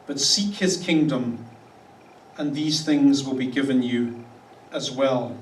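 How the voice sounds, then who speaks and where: A Canadian pastor preaches a conversational sermon in a church hall, wry in tone and slipping into the voices of the people he quotes. His medium-pitched voice takes it slowly. The hall is echoey, his voice sounds a bit distant, and there's slight background noise.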